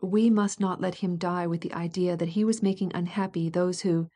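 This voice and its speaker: A scheming older prince, impatient and insistent, pressing his point with smooth coaxing, as a woman narrator reads him. The voice stays mellow and warm. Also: on the low side, fairly even intonation, moderate pace, natural voice.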